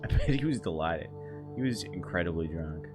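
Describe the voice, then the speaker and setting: A man's voice: sits low, lively intonation, brisk, music in the background. A young man streaming a game, hungover, rambling and laughing through a story. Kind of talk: casual gameplay chat.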